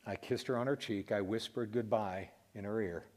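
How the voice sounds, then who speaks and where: Middle-aged man, heartfelt testimony, voice cracking with emotion, halting delivery. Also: fairly low pitch, darkish tone. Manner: emotional, voice breaking, pausing and restarting. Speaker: Christian radio host telling a personal story.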